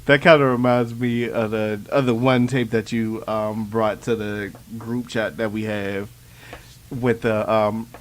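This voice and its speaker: A man's voice: fairly low pitch, little pitch movement, unhurried. A man co-hosting a podcast in casual chat, explaining a clip for listeners. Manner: chatty, explains for listeners, laughs often. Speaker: podcast co-host.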